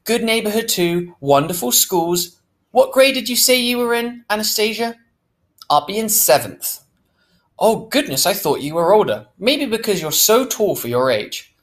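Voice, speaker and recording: A man's voice: sits high, animated, moderate pace, a bit bright, pitched above the performer's own voice. A man playing a gushing, fake-sweet saleswoman. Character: gushing salesy adult woman real estate agent.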